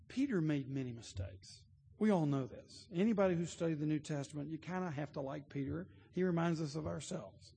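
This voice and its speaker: A man's voice: a little high, creaky, dark tone, slightly rough. A man preaching a sermon, telling stories earnestly and building to emphatic points. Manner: earnest storytelling, rising to emphatic. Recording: long hall reverb.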